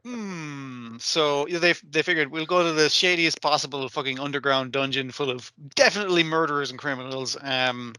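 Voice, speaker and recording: A man's voice: a little high, moderate pace, few pauses, bright, forceful tone, clear, resonant tone, no echo. A man co-hosting an anime podcast in casual, profane chat, acting out characters' lines as he recaps. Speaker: podcast co-host.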